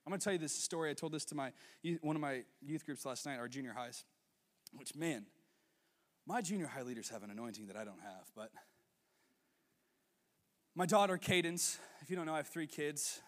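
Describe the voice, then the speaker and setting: A man in his twenties preaching a sermon as a youth pastor, telling stories with quick asides and laughs. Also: fairly high pitch, lively intonation, big-room sound. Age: 20s.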